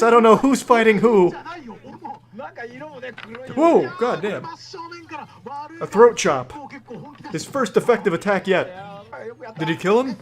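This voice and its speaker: A man's voice: high-pitched, lively intonation, takes it slowly, long pauses. A man giving sarcastic, swearing mock sportscaster commentary over video clips.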